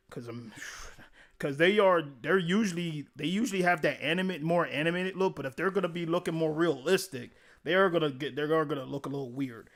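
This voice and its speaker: A man casually chatting on a live stream, reading chat comments aloud, swearing freely and laughing often as he rambles. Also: fairly high pitch. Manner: profane, laughs often, rambling game talk.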